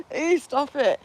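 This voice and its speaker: A woman hosting a casual live stream, caught in a helpless snorting laughing fit as she greets viewers by name. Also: sits high. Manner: giggly, self-mocking, greets viewers by name. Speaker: livestream host.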